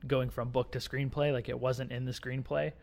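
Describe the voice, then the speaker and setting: A man's voice: medium pitch, little pitch movement, normal speed, creaky, a little mellow. A man co-hosting a casual podcast, talking in an easygoing, agreeable way. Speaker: podcast co-host. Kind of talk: casual chat.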